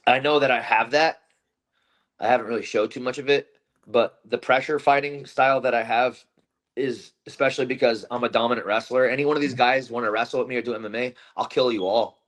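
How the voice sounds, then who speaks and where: Intense, profane bare-knuckle fighter. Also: male voice, medium pitch, a bit bright. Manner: intense, profane trash talk with many fillers and restarts. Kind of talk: casual post-fight interview.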